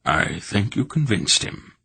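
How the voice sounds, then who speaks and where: A man voicing a weak but sharp old sorcerer grandfather, dry and wry in his remarks. Deep and husky, read close and dry for an audiobook. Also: sing-song, normal speed, no room sound, exaggerated voice.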